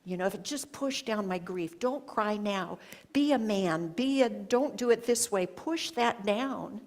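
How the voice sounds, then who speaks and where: A woman giving a sermon at a church, telling a personal story in a slow, reflective way with long pauses. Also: medium pitch, animated, a little mellow. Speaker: guest speaker. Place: church sanctuary.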